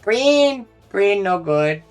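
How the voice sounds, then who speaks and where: A man voicing a small excitable winged kobold creature that speaks in broken, choppy words with chirping trills. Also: high-pitched, drawn-out words, clean tone, faint music behind, voice pushed up, heavily acted. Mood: chirpy.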